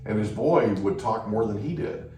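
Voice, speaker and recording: A man's voice: on the low side, moderate pace, slight background noise. Echoey, distant male podcast host. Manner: animated storyteller, frequent "right?". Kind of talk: storytelling in a conversation. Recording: echoey room, distant mic.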